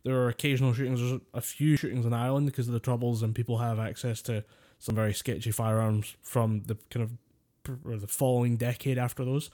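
Brit podcast co-host, mid pitch, wry rambling chatter. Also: male voice, little pitch movement, fast talker, dark tone. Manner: rambling, wry, laughs often. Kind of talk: casual chat.

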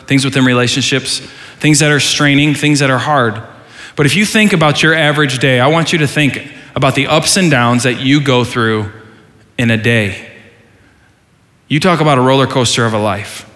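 A man preaching a sermon, animated, rising into mock outrage in his asides. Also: medium pitch. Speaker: pastor. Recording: long hall reverb.

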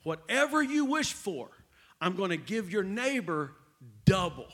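A preacher putting on a big, boastful genie. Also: male voice, high voice, big pitch swings, unhurried, a bit bright, exaggerated voice. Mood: teasing.

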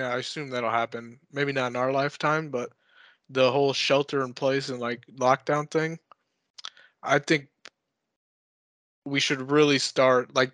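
A man with a bright, sharp-edged voice, rambling through deadpan ideas in casual podcast chat. He swears freely. The recording is dry and close. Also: medium pitch, no room sound. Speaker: podcast co-host.

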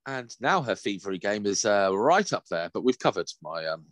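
A man's voice: lowish voice, big pitch swings, normal speed, a bit bright, no room sound. A man co-hosting a casual chat, telling stories in a crude, joking way. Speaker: podcast co-host.

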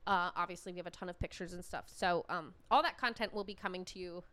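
A woman's voice: on the low side, fast talker, fairly bright tone, clean tone. A woman co-hosting a podcast in casual chat, sounding nasal from a cold and laughing often. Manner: giggly, chatty, laughs often. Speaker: podcast co-host.

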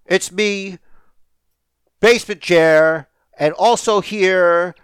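A man's voice: high-pitched, drawn-out words, clear, resonant tone, dry recording. A man co-hosting a casual wrestling podcast, joking and teasing his co-host. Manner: jokey, teasing, animated.

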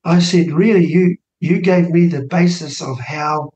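This clip features a sixty-something man from New Zealand, a guest on a radio show who is also standing for election. His voice sits on the high side and his pace is measured as he relates a family story in a relaxed interview, performing the dialogue of everyone he quotes. It was recorded in an echoey room.

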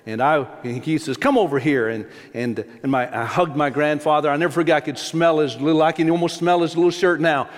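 A man's voice: a little high, steady tone, fairly quick, hardly any pauses. Folksy preacher man in a reverberant hall. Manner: folksy storytelling, repeats words when restarting. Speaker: pastor. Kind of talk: sermon. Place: church sanctuary.

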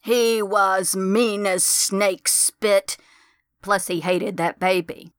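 A woman voicing the ghost of a murdered mother, in a husky, gravelly, drawn-out wail in an audiobook. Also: medium pitch, fairly even intonation, no echo, studio quality.

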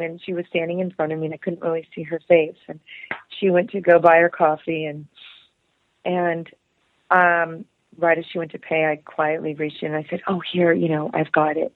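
A woman guest on an interview podcast, telling a personal story with animated emotion, acting out the voices of the people in it and laughing often. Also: lowish voice, dry recording. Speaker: actress and singer, podcast guest. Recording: tinny phone-like line, dry.

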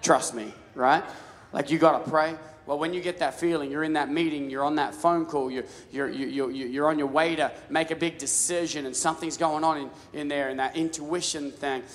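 A man preaching a casual, story-driven sermon, stumbling and restarting his words as he talks. His voice sits a little high for a man. It rings out with a long reverb, as in a large church hall. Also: steady tone, fairly quick. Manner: casual storytelling with many restarts and stammered repeats. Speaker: pastor.

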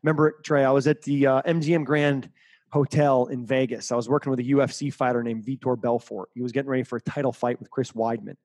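A man's voice: medium pitch, fairly even intonation, quick pace, a little mellow, no echo. Casual: middle-aged guy coaching mindset in an interview, emphatic, repeats his points, dry mic. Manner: emphatic, repeats key phrases. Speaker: guest, mental performance coach. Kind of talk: interview answer, motivational.

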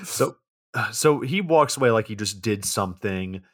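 Man, podcast co-host, relaxed plot recap, dry close mic. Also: lowish voice, moderate pace, dry recording. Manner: laid-back, recounts plot with swearing and asides. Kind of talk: casual recap of a movie.

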